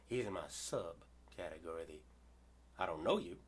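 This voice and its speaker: An older man performing a story poem dramatically, swinging from loud outbursts to hushed whispers. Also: sits low, lively intonation, a little fast, slight background noise.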